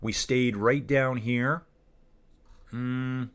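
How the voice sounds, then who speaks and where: A man's voice: mid-range voice, fairly even intonation, very slow, a bit bright, clean tone. A man streaming live cycling commentary, rambling casually and calling his viewers dude and guys as he reads the chat. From Canada.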